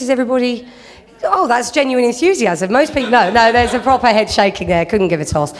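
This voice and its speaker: A woman's voice: a little high, lively intonation, fast, a crowd in the background. Brief: female stand-up, dry self-mocking delivery, long venue reverb. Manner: self-deprecating, chatty, dry. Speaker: stand-up comedian. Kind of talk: stand-up routine.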